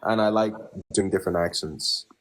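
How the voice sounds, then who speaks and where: A man's voice: deep voice, normal speed. A man from Nigeria hosting a livestream debate, insistent and argumentative, talking over the caller.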